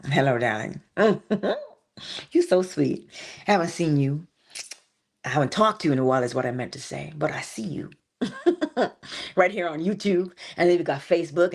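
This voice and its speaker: A middle-aged woman hosting a morning inspiration livestream, giving a spiritual talk in an animated, preacher-like way with laughs and asides. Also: on the low side, breathy edge. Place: home, early morning.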